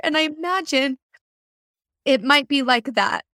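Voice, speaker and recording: A woman's voice: medium pitch, moderate pace, bright, forceful tone, dry recording, studio quality. A woman hosting an interview podcast, talking in an earnest, emotional way with loose, restarting sentences. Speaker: podcast host.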